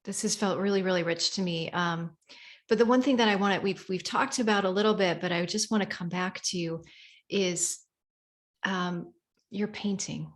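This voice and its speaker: A woman hosting an interview, talking reflectively with hesitant pauses and fillers. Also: mid-range voice. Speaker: podcast host. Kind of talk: conversational interview.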